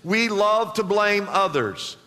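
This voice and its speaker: A man's voice: high voice, lively intonation, takes it slowly, pushed and bright. A man preaching a sermon to a congregation, emphatic and repetitive, asking the people to respond. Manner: emphatic preaching, repeats phrases, asks the congregation. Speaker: pastor. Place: church sanctuary. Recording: long reverb of a church hall.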